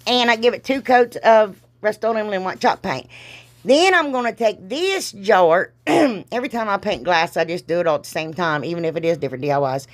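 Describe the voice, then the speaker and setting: A woman's voice: medium pitch, animated, fairly quick. A middle-aged woman with a Southern drawl talks through a crafting tutorial in a loose, rambling, casual way. Her voice sounds a little congested from allergies, and she scatters folksy exclamations and self-deprecating jokes as she goes. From Ohio, US. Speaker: crafting vlogger.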